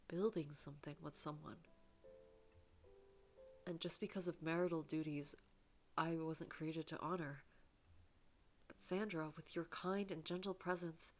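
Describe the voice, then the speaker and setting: A shy, gentle man from a story game, read by a woman, fumbling for his words with pauses and restarts. The voice sits a little low and moves at a very unhurried pace. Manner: hesitant, halting, with pauses and restarts. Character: shy, gentle divorced man, nervous and sincere. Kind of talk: reading game dialogue aloud.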